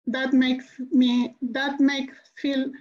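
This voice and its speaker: A woman who is not a native English speaker, an immigrant parent on a panel, speaking haltingly and searching for words as she shares her experience. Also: sits high, little pitch movement, darkish tone, dull audio. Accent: non-native English. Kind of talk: emotional personal testimony.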